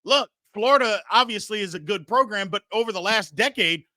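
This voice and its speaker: A man's voice: high-pitched, expressive, fairly quick, few pauses, sharp tone, no echo. A male sports talk show host making heated, emphatic points with rhetorical questions.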